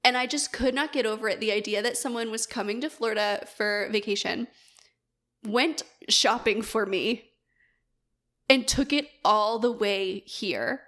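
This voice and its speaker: A woman's voice: fairly high pitch, a little slow, fairly bright tone. A woman co-hosting a podcast, telling a story in a bubbly, gushing casual way. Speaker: podcast co-host. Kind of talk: casual chat.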